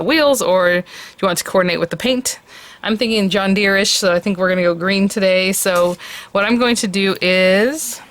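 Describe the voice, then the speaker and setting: A woman's voice: mid-range voice, a bit bright, no room sound. A woman hosting a craft tutorial, chatting casually and thinking aloud as she works.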